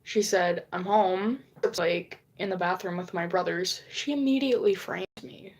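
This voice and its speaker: A woman's voice: fairly low pitch, moderate pace. A woman vlogger casually telling a long rambling story, swearing often and acting out what others said. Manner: rambling, frequent swearing, acts out quoted lines.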